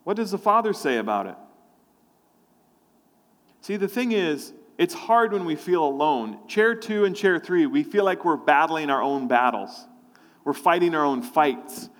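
A man's voice: fairly high pitch, lively intonation, unhurried, fairly bright tone, in a large hall. A man preaching a sermon, telling a personal story and acting out his own thoughts and prayers. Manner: storytelling, acts out his own inner voices.

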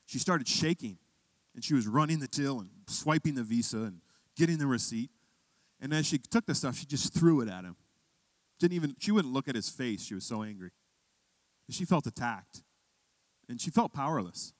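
A man's voice: medium pitch, animated, moderate pace, pauses often, dry recording. A man preaching a sermon, telling a personal story conversationally and building to emphatic questions for his church. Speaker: pastor.

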